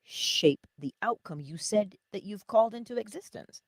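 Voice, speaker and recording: A woman giving an animated motivational talk, often laughing and talking straight to her viewers. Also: mid-range voice, moderate pace, no echo, studio quality. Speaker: inspirational speaker.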